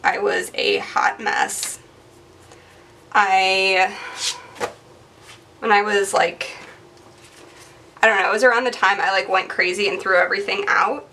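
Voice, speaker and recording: Rambling chatty young woman, bright and gravelly. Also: medium pitch, steady tone, a little slow, pauses often, distant mic, slight background noise. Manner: rambling, chatty, lots of fillers. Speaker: planner vlogger. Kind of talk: casual chatty narration over crafting.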